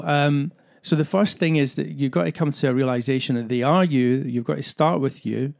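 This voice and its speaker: A man's voice: medium pitch, darkish tone. A man who coaches actors, hosting his own podcast and explaining his craft in an earnest, searching way with many fillers. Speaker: acting coach, podcast host. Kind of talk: solo podcast talk.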